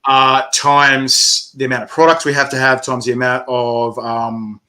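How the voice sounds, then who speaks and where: A man organizing a chili eating competition, chatting excitedly in an interview, laughing and swearing casually. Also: medium pitch, a little slow. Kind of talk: animated interview chat.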